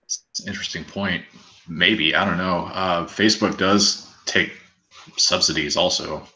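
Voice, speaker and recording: A man hosting a casual livestream panel, speaking in a calm, measured way. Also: sits low, low-quality recording. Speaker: stream host.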